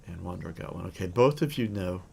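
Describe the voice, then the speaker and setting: A man narrating as game master of a tabletop role-playing game, relaxed and with frequent fillers. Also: low voice, fast talker, creaky, slight background noise.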